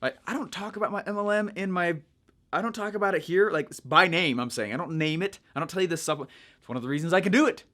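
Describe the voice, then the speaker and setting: A young man coaching viewers in a chatty, energetic way, checking in with "right?" as he explains. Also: sits high, fast talker. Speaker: online marketing coach. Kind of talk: casual teaching monologue.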